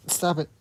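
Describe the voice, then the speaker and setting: A man chatting casually on a livestream, rambling and swearing freely while talking to his viewers. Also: darkish tone. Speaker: streamer.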